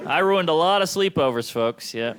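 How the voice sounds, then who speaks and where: A man in his thirties doing a stand-up comedy set, delivering punchy deadpan one-liners. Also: on the high side, normal speed, a faint crowd. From United States. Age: 30s. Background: audience laughter.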